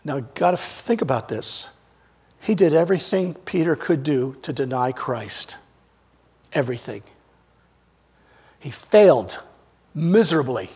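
Husky-voiced preacher telling a story. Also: male voice, fairly high pitch, lively intonation, measured pace, long pauses. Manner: storytelling, acting out scripture scenes with big swings in loudness. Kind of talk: sermon.

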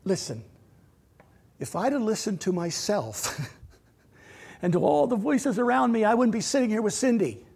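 A middle-aged man preaching a sermon in a church, earnest, swinging from loud to near-whispered. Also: high-pitched, lively intonation, moderate pace, long pauses, husky. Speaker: pastor.

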